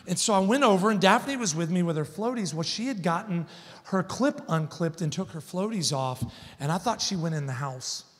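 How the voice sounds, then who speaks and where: Guy preaching in a big church, kinda high voice, long echo off the walls, tells stories then gets loud. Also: expressive, moderate pace. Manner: storytelling, builds to loud emphatic points. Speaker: guest preacher. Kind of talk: sermon. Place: large church hall. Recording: long church hall reverb.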